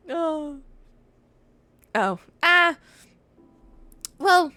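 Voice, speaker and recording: A woman's voice: sits high, expressive, very slow, bright, forceful tone, dry recording. A young woman streaming a video game, chatting casually and rambling between frequent giggles. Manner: chatty and giggly, laughs often between remarks; rambling, with frequent restarts and fillers. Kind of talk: casual gameplay chat.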